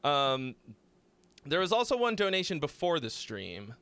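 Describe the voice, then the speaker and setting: Brief: young male streamer, unhurried, bouncy intonation, casual and profane. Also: fairly high pitch, sing-song, a bit bright, smooth, no room sound. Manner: loose, rambling, swears freely. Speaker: streamer hosting song critiques. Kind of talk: casual live-stream chat.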